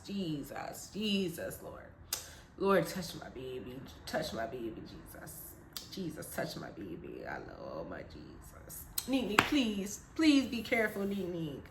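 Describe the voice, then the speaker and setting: A woman's voice: mid-range voice, a little hiss or hum, pitched below the performer's own voice. A woman voicing her anxious, protective mother, who repeats warnings and prays aloud, in an echoey room. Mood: pleading.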